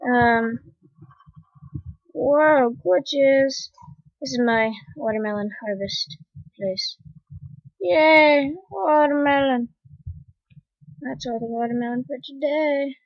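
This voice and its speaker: A high-pitched woman talks through her game at an unhurried pace, complaining dramatically and breaking into panicked screams. The sound is dry and dull, like a lo-fi home recording. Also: no room sound. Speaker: gamer. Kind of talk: gameplay commentary.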